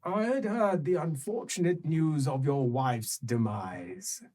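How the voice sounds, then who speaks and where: A man's voice: a little high, darkish tone. A man doing an old, courtly wizard. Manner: formal, measured and deferential. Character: old male wizard storyteller, courtly and careful.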